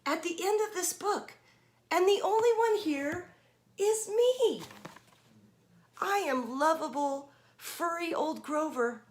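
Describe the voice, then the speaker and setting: A woman voicing a lovable, nervous furry male monster for a children's storybook reading, in a high pleading voice. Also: slow pace. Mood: cheerful.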